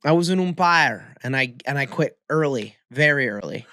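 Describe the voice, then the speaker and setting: A man's voice: medium pitch, expressive, moderate pace, pushed and bright, no echo, clean studio sound. A young man co-hosting a podcast, telling stories in a laid-back way and laughing easily. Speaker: podcast co-host. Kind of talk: casual sports chat. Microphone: headphones with mic.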